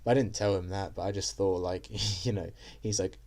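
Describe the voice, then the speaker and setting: A young man talks on in a rambling, self-deprecating way, with lots of fillers and restarts. His voice sits low and dark. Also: steady tone, normal speed. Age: young adult. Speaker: vlogger. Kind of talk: casual monologue.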